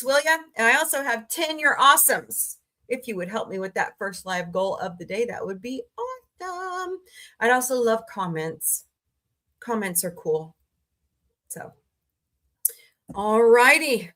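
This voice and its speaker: A woman hosting a casual livestream, greeting viewers by name and listing her channels, tired and low on energy today. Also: animated, a little slow, pushed and bright. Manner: chatty, greets viewers by name, rattles off lists. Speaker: livestream host.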